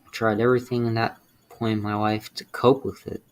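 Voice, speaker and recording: A young man speaking in a halting, emotional personal confession, close to tears and swearing in frustration. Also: on the low side, flat delivery. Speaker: streamer.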